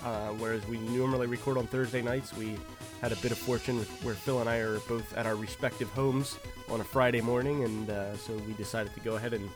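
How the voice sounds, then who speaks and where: A man hosting a casual podcast chat from home, relaxed and conversational, hedging his opinions. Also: medium pitch, brisk, hardly any pauses, music in the background. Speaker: podcast host.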